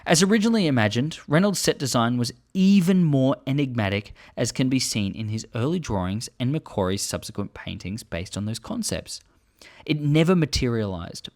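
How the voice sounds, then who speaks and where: A man's voice: medium pitch, a little mellow. A man hosting a video, reading book excerpts aloud and adding earnest, enthusiastic fan commentary. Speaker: host.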